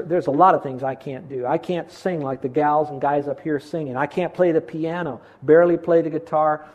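A man preaching a sermon as pastor, earnest and measured, slowing down to stress key lines. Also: fairly high pitch, darkish tone. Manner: earnest, preacherly, slows down for emphasis.

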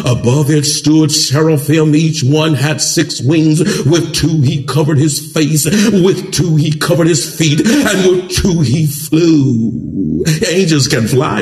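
A man preaching a sermon as pastor, mixing jokes with loud, soaring shouts. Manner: preaching with humor, swings into loud high-pitched shouts. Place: church. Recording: echoey church hall.

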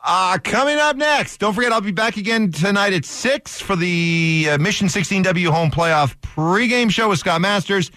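A man's voice: high-pitched, normal speed, few pauses, pushed and bright, dry recording. A man hosting a sports radio show, bantering and teasing his co-host in casual chat on a studio microphone.

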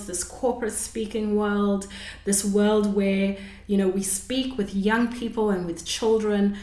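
A woman's voice: mid-range voice, a little mellow. A woman hosting her own unscripted podcast, talking reflectively in a rambling way and correcting herself as she goes. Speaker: podcast host. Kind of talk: unscripted solo podcast talk. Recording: roomy echo.

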